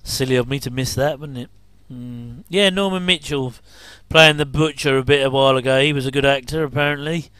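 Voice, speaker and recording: A man rambles through casual commentary, drifting between remarks and chuckling asides. His smooth, clear voice sits at a middling pitch and is a bit bright, moving briskly with hardly any pauses. The sound is dry and close, with no room around it.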